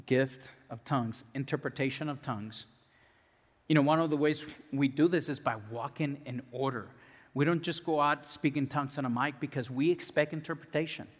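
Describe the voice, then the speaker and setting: A male pastor giving a conversational sermon with restarts, dropping soft and low when he prays. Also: fairly even intonation, a little fast. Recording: long hall reverb.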